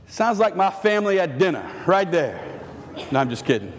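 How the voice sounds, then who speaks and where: A male priest preaching a sermon in an animated, joking way, acting out the voices he quotes. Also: sits high, normal speed. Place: church. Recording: long church reverb.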